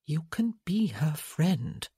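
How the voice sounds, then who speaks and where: A narrator doing a gentle, sorrowful aristocratic mother, slow and quiet. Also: medium pitch, expressive, breathy edge, no echo, clean studio sound. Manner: soft, sad. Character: gentle worried noble mother.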